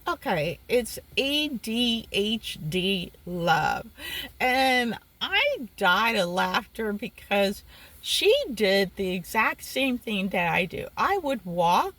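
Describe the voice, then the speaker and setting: A young woman telling a personal story in a casual vlog, animated and exasperated, with sudden jumps in pitch. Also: slow pace, rough recording. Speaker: vlogger.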